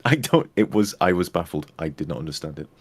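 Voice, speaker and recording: A man's voice: low-pitched, sing-song, quick pace, breathy edge, no echo. A man from North West England with a northern English accent, joking and rambling in casual stream chat.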